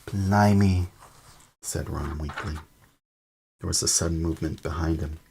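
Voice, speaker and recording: A man reading a storybook aloud on a stream, slow and measured. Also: a bass voice, completely flat delivery, creaky, a little mellow, slight background noise. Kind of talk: storybook narration.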